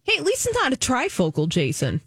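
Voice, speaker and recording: Woman, radio co-host, high pitch, lively, dry sound, chatty and teasing. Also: a little fast, husky, no echo. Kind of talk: casual studio banter.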